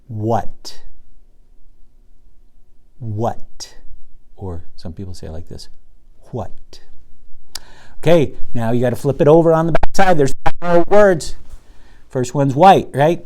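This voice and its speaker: Slow, patient man teaching small children. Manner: slow, patient and sing-song, stretching words out for small children; bursts loud and high when excited. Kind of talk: online reading lesson for young children.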